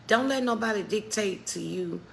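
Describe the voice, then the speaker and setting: A middle-aged woman gives a motivational faith talk straight to her viewers, preaching and calling them "baby". Her voice is bright and edgy with a gravelly fry at the ends of phrases, and a faint hum of room noise sits behind her. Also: mid-range voice, normal speed. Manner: preacherly, calls viewers "baby", greets chat by name. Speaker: live stream host.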